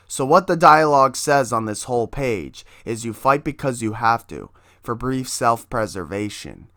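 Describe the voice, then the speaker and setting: A man's voice: mid-range voice, sharp tone, no echo, clean studio sound. A man casually promoting his own comic book, hyped and swearing constantly as he talks.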